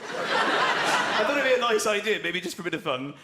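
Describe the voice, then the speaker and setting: A man from the South of England doing a stand-up comedy routine, animated and acting out characters in silly voices. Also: high voice, moderate pace. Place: theatre stage before a laughing audience. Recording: echoey live venue with loud crowd noise.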